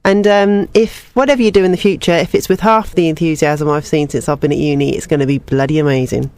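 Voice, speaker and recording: A woman's voice: deep voice, steady tone, quick pace, a little mellow. A young woman presenting a student radio music show, chatty and personal between songs.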